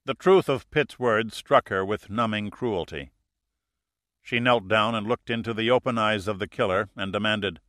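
Man reading a thriller, lowish bright voice, super dry close mic. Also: no echo. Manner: steady, measured storytelling. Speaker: audiobook narrator. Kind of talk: scripted thriller narration.

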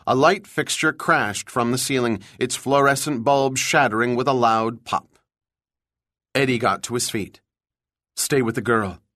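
A man reading a thriller audiobook in a steady, measured way, with a mid-range voice. The recording is close and dry, with no room sound. He keeps an even storytelling pace throughout. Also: medium pitch, dry recording. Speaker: audiobook narrator. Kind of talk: scripted narration.

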